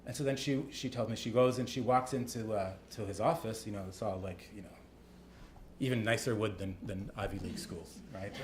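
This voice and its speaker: A man's voice: on the low side, brisk, a little hiss or hum. Chatty man telling a story in an echoey room. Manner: chatty, with many fillers and tag questions. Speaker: author speaking at a talk. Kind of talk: casual storytelling talk. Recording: echoey room with faint ambience.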